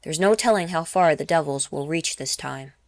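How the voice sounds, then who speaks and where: A woman voicing a huge, gruff male soldier who grumbles and barks orders. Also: fairly high pitch, normal speed, no room sound.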